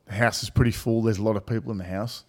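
A man's voice: fairly low pitch, fairly even intonation, very fast. A middle-aged man, telling a crude story in casual banter and laughing as he goes. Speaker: podcast co-host.

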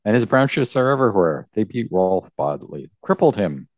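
A man reading aloud the lines of a young woman pleading for help, in his own low, unhurried voice. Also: very animated, a little mellow, no room sound. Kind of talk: reading comic dialogue aloud.

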